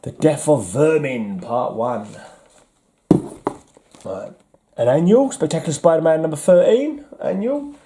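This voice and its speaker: A man's voice: on the high side, lively intonation, measured pace, long pauses, dark tone, slight background noise. An English man in casual vlog talk, wryly chuckling and mocking himself as he sorts through his comics. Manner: wry, chuckling, self-mocking. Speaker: comic collector vlogger.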